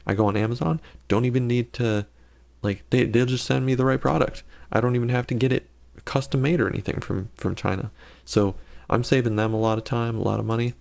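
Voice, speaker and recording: A man's voice: mid-range voice, fairly even intonation, a little fast, creaky, a little mellow. A man giving casual gameplay commentary and telling a story, rambling and correcting himself with sarcastic asides.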